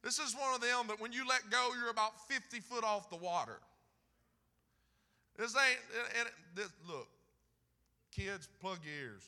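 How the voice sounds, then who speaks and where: A Southern-accented male preacher with a bright, slightly high voice, caught in a long, echoing church hall. He swings between booming scripture and soft, homespun storytelling. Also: expressive, measured pace, long pauses. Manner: fervent, swells loud on scripture then drops to folksy storytelling. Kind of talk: sermon. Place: church sanctuary.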